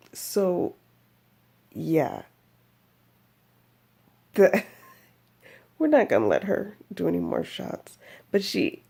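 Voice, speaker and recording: A woman with a deeply gravelly, fry-laden voice and a husky edge, talking in an unhurried, drawn-out way. Her low, mellow tone suits a chatty, rambling personal vlog update, broken up by frequent laughs. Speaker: vlogger. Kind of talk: casual personal video update.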